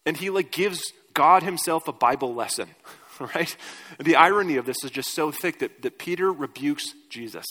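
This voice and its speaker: A pastor with a fairly high, bright voice preaches conversationally, putting questions to his congregation. His intonation is lively, his pace moderate, and his tone forceful. The sound echoes through a reverberant church hall.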